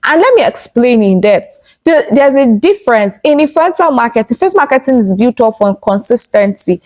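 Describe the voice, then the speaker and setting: Young female host, fairly high voice, emphatic explainer who repeats her points and quizzes the audience. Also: lively intonation, brisk, few pauses, a little mellow. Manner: emphatic, repeats key phrases, asks viewers questions. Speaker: YouTube host. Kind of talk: direct-to-camera explainer talk.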